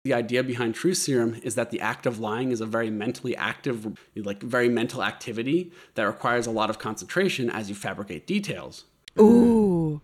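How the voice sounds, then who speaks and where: Podcast co-host, casual chat, playful, sums things up, medium pitch. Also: a little fast, hardly any pauses.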